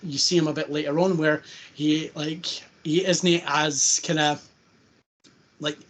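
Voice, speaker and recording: A man hosting a casual podcast chat, rambling with plenty of fillers and breaking into quick impressions of scenes. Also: a little high, fairly even intonation, fairly bright tone. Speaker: podcast host.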